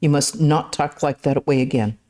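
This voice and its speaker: A woman reading the lines of an ailing, elderly holy teacher who rebukes calmly and firmly. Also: low voice, normal speed, close to an everyday voice. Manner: calm, firm rebuke. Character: ailing elderly holy man, gentle but firm.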